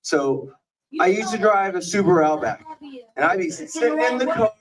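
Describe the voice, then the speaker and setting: A man's voice: sits high, sing-song, normal speed, distant mic, poor audio. A man pulled up from the audience, telling a short joke in an offhand, reluctant way. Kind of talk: short stand-up bit.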